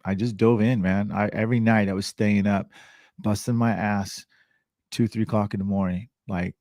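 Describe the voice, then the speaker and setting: Man, podcast guest, gravelly, low voice, animated storyteller, mimics voices, dry close sound. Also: moderate pace, dry recording. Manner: animated, acts out quoted voices with big pitch jumps. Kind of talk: casual storytelling.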